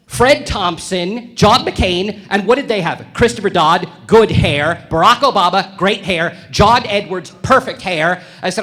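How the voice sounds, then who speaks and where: A male stand-up comedian working a club stage with a high, bright voice. He talks brashly and provocatively and lands his punchlines deadpan. The sound comes off a handheld stage mic. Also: unhurried, hardly any pauses.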